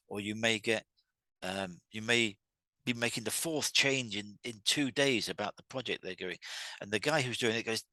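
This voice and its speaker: A man's voice: fairly low pitch, normal speed, pushed and bright, dry recording. A man hosting a solo talk on workplace communication, conversational and full of restarts, acting out quoted arguments with raised voices. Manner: acts out quoted dialogue with raised, heated voices. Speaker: host.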